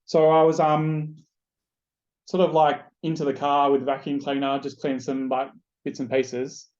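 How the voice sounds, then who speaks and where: A man's voice: on the high side, flat delivery, a little slow, darkish tone, highs cut off. A man with an Australian accent hosting a podcast, telling a casual story with plenty of swearing. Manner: chatty, loose, swears freely. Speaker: podcast host.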